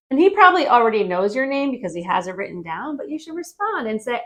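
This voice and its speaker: A woman giving a casual travel-phrase lesson, friendly and repeating phrases slowly for learners. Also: mid-range voice, big pitch swings. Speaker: Spanish teacher.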